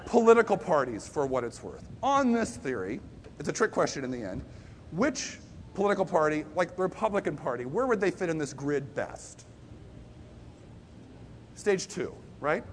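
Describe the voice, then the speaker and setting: A man with a high, bright-sounding voice delivers a sermon as if talking with friends. He moves from quiet to loud emphasis as he tells stories. He pokes fun at himself, and a faint rumble sits behind him. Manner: lively storyteller, swings between hushed and loud emphasis; self-deprecating asides. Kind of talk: conversational sermon.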